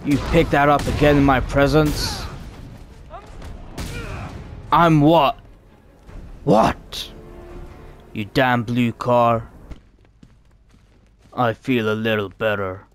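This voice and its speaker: A man's voice: medium pitch, fairly even intonation, measured pace, pauses often, faint music behind. A man giving joking, mock-dramatic let's play commentary. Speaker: gaming YouTuber.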